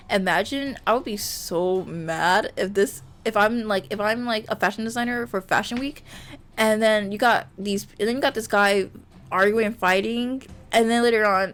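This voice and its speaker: A woman streamer reading a visual novel aloud and reacting with animated exclamations. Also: mid-range voice. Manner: animated, exclaiming and laughing at the story.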